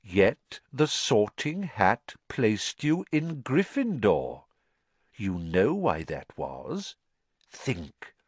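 Man doing a gentle old headmaster wizard, soft, slow, thoughtful, storybook, dry close sound. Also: fairly low pitch, wildly swooping pitch, breathy edge, dry recording, exaggerated voice. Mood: calm, kindly. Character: old, calm, kindly male headmaster wizard.

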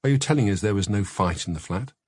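A man's voice: on the low side, lively intonation, fast, a little mellow, slightly rough, no echo, studio quality. A man voicing a male lawyer who asks pointed questions, in an audiobook. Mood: pressing. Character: probing male defence lawyer.

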